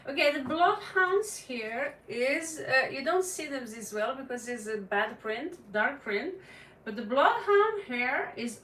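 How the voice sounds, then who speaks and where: A woman with a Norwegian accent giving a tarot reading on a livestream, talking dramatically with sudden loud stresses. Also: high voice, lively intonation, slow, recorded from a distance. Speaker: tarot reader. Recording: echoey room, voice a bit off-mic.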